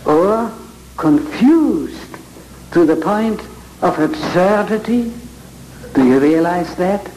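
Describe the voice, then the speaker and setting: A man with a head cold teaching Bible reading to a live audience, speaking with slow, theatrical emphasis. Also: high voice, a little mellow, slight background noise. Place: large hall with audience. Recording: echoey hall with audience ambience.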